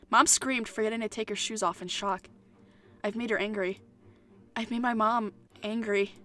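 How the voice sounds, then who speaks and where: A woman's voice: a little high, fairly even intonation, normal speed, long pauses, bright, forceful tone. A young woman hosting a gaming channel who reads a visual novel aloud, giggling, swearing and joking between lines.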